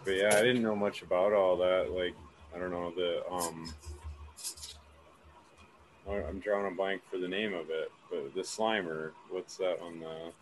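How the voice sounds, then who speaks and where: A man's voice: low voice, fairly even intonation, unhurried, a little hiss or hum, low-quality recording. A man in casual chat, rambling and trailing off as he searches for words.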